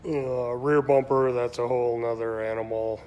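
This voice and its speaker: A man hosting a casual live stream, rambling along with many pauses and ums. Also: mid-range voice, steady tone, a little mellow, slight background noise. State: has the hiccups. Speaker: shop owner hosting a weekly live stream.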